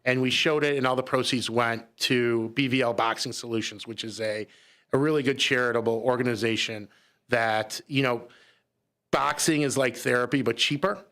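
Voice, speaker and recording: A man's voice: mid-range voice, steady tone, moderate pace, bright, forceful tone. A man speaking as a guest in a radio studio, earnest and explanatory, often restarting his sentences. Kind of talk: radio talk show conversation.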